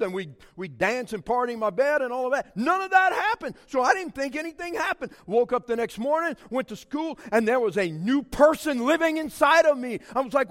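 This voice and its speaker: A man preaching a sermon, swinging from hushed tones to shouting. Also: very high voice, big pitch swings, moderate pace. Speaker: pastor. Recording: long reverb of a large hall.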